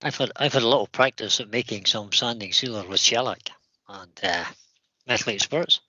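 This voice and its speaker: A man's voice: on the low side, fairly quick, pushed and bright, breathy edge, dry recording, muffled recording. A man co-hosting a woodworking livestream, joking around and reading out viewer comments. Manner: jokey, reads viewer comments. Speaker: co-host. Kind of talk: livestream chat.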